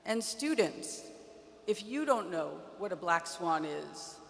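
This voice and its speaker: A woman around 60 giving a prepared commencement keynote from a podium, measured and wry, with dry humor in her storytelling. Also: fairly low pitch, big pitch swings, vocal fry, a bit bright. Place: large indoor arena. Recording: long arena reverb.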